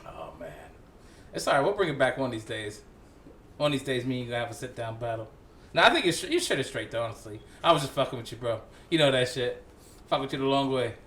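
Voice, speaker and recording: A man hosting a casual podcast chat with friends, loud and laughing, hyping up the intro. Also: medium pitch, very animated, fast. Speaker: podcast host. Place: small home-built podcast studio. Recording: roomy studio, mic set back, faint room noise.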